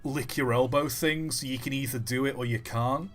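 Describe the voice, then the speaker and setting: A man's voice: medium pitch, steady tone, moderate pace, faint music behind. A man streaming a game live, thinking aloud as he plays and joking with his chat. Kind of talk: live gameplay commentary.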